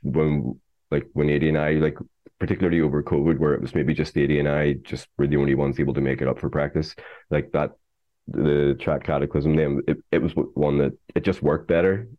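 A musician being interviewed talks slowly through his band's song, halting, restarting and leaning on fillers. His voice is extremely deep, and the recording is dull and lo-fi. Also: steady tone. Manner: hesitant, many fillers and restarts. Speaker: band member, musician. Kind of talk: casual interview chat. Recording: dull lo-fi audio.

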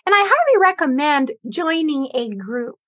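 On a talk show, a female guest earnestly tells the story of her cancer experience in a conversational way, quoting the back-and-forth dialogue. Her high-pitched voice swings widely in pitch at a moderate pace. The recording is muffled, with no room sound.

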